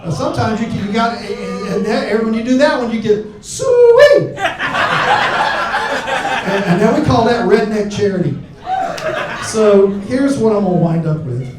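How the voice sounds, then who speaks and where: This Alabama comic, handheld mic in hand, performs a crude, brash club set and shouts his punchlines. His voice is high-pitched with lively intonation at normal speed, captured from far off in a roomy club under heavy background noise.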